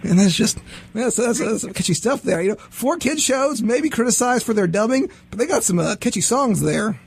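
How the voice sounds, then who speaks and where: An excitable male host with a high voice, chatting loosely and rambling from one thought to the next. He breaks into bits of theme songs as he talks. The tone is casual and eager. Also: moderate pace, vocal fry, slight background noise. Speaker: podcast host. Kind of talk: casual interview chat.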